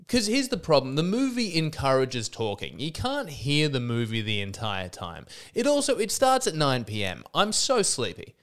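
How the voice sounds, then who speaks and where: Man in his thirties, solo podcast rant, sarcastic and exasperated, lively swooping pitch, smooth clear voice, a bit under the weather. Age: 30s. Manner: exasperated, sarcastic, lots of restarts. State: a little sick. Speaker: podcast host.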